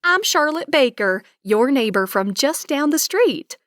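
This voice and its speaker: A woman's voice: high voice, sing-song, a little slow, no room sound, studio quality, pitched above the performer's own voice, full character voice. A woman voicing a friendly, chatty neighbor woman with a thick Texan drawl. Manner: drawling, warm and bubbly.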